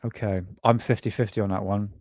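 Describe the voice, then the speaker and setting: A man's voice: on the low side, little pitch movement, fairly quick, a little mellow, dry recording, studio quality. A man from England hosting a live show, chatting loosely with viewers and reacting to clips. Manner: rambling, laughing, talking to chat. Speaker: host of a live UFO show. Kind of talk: casual live-stream chat.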